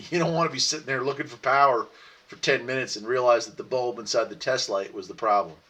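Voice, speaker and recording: A man's voice: medium pitch, fast. Male host, easygoing and chatty, answers viewer comments; mid-range voice, recorded a little distant. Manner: relaxed, rambling, laughs often. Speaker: livestream host. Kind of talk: casual chat reading viewer comments.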